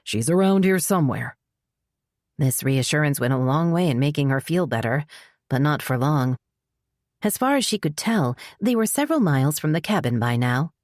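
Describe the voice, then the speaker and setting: A woman narrating a cozy mystery audiobook in a measured storytelling manner. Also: sits low, dry recording, studio quality. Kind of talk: scripted narration.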